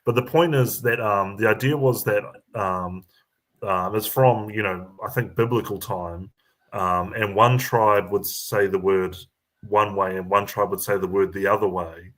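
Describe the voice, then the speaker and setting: A man with a New Zealand accent chatting casually, halting with many fillers and restarts. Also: lowish voice, fairly even intonation, fairly bright tone. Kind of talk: casual chat.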